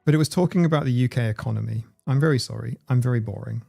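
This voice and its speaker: Gravelly man rambling on a livestream. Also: mid-range voice, racing, mellow, soft background music. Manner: rambling, swears freely, reads chat aloud. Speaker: livestream host. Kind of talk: casual livestream chat.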